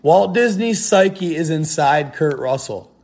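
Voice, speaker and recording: A young man talking casually to his viewers on a live stream. His voice sits a touch high for a man, and he rambles in heavy slang, often laughing between thoughts. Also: lively intonation, slow, a little mellow.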